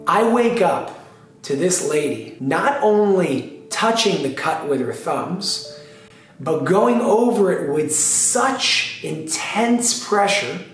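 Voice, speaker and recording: A man's voice: fairly high pitch, a bit bright, distant mic. A man telling a personal story in an emphatic, dramatic way, repeating phrases for effect. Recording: very echoey room, off-mic, faint music.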